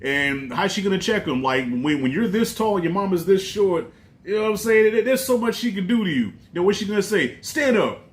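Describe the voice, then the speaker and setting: A man's voice: high voice, expressive, brisk. A man reviewing a film in a casual vlog, talking in a loose, profane, rambling way. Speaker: movie reviewer.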